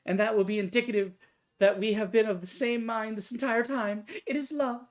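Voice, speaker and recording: A woman's voice: a little high, fairly even intonation, brisk, voice pushed up, natural voice. A woman voicing a haughty, lovesick, grandiose woman in a game, reading her lines in a pompous, theatrical manner. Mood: dreamy, grand. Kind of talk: game dialogue read aloud.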